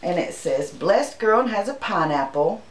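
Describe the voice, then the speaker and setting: A woman's voice: on the low side, very animated, normal speed, roomy sound, rough recording. A woman, from Arkansas, chatting casually and homily as she shows her shopping haul to the camera. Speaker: channel host.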